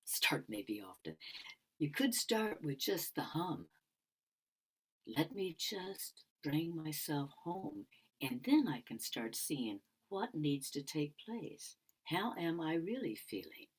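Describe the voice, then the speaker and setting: A woman's voice: low voice, sing-song, slow, husky. An older woman giving a musing conference talk on sound healing, repeating phrases and sometimes dropping to a whisper. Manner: musing, repetitive, drops into whispers.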